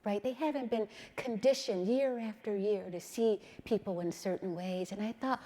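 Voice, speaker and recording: A middle-aged woman giving a public talk, telling a personal story in a measured way and often checking in with "right?". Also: mid-range voice, dark tone, long reverb tail.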